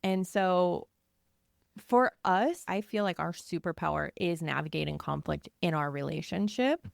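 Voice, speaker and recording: A young woman co-hosting a podcast, speaking in a warm, affirming way. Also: lowish voice, a little slow, gravelly, no room sound, clean studio sound. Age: young adult. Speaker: podcast co-host. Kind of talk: podcast conversation.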